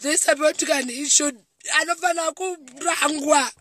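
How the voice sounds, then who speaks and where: Tearful high-voiced Zimbabwean woman. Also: moderate pace, fairly bright tone. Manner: repetitive, pleading, breaking into outbursts. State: tearful and distraught. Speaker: comedian. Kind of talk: emotional live video monologue. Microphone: phone.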